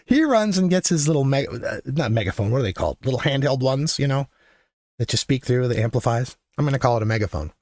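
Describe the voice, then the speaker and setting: A man hosting his own show, telling a story in a casual monologue. He is blunt and profane, gets louder and higher as he gets worked up, and laughs between lines. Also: fast, dry recording, studio quality. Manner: animated, rising to near-shouting when worked up, laughs between lines. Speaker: podcast host.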